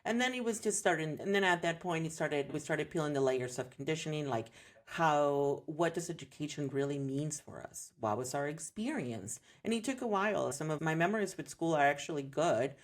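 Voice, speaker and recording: She speaks fairly quickly in a deep voice: a homeschooling mom in her thirties, guesting on a podcast. Her candid account is earnest and reflective, picking up energy whenever she quotes others.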